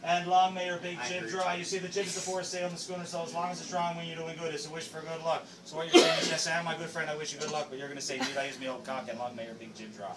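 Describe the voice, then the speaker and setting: Newfoundland guy running a pub toast, kinda high voice, echoey room, loud crowd. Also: flat delivery, racing, few pauses, recorded from a distance. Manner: showy, teasing, proud and declamatory. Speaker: screech-in ceremony host. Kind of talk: performing a pub ceremony to a crowd. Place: busy pub. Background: rowdy crowd.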